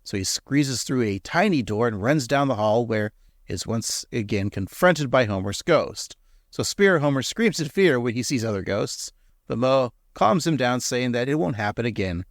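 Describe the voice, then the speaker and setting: A man hosting a podcast, recapping an episode and teasing his co-host in a lively way. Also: medium pitch, moderate pace, dry recording, studio quality. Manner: teasing, animated.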